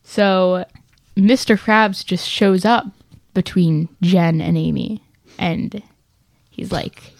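A woman co-hosting a podcast in casual chat, a lively storyteller who laughs often and acts out the people she quotes. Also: fairly low pitch, a little slow, vocal fry, dry recording. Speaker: podcast co-host.

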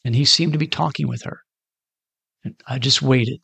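A man's voice: medium pitch, fairly even intonation, normal speed, vocal fry, pushed and bright, breathy edge, no room sound. A man preaching, telling a story in a conversational way and acting out the voices of the people in it. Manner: conversational, acts out quoted voices. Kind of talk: sermon storytelling.

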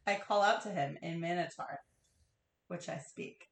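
A woman playing a tabletop game, asking quick, hesitant questions. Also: lowish voice, vocal fry. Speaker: player. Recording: roomy room echo.

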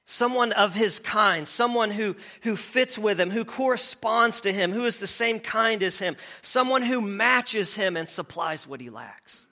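Bright, high-voiced man preaching. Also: animated, measured pace, hardly any pauses. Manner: conversational, asks the congregation questions, repeats words as he goes. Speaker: pastor. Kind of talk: sermon.

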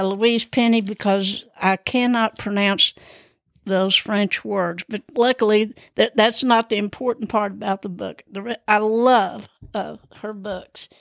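A woman's voice: mid-range voice, no room sound, studio quality. A woman hosting her own show, telling rambling personal stories in a chatty, meandering, self-deprecating way. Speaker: podcast host.

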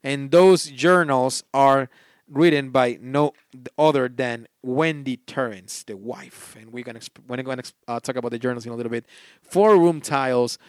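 A man with a non-native English accent hosts a board game podcast in a relaxed, chatty way. His voice sits at an ordinary middle pitch, and the recording is dry and close with almost no room sound. He reads game text aloud and breaks off now and then to restart a phrase. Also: normal speed, clear, resonant tone, no echo. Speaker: podcast host. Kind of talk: casual board game review.

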